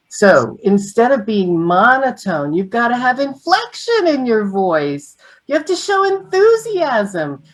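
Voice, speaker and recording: A middle-aged woman giving an online training on sales presentations, teaching through lively examples. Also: mid-range voice, low-quality recording.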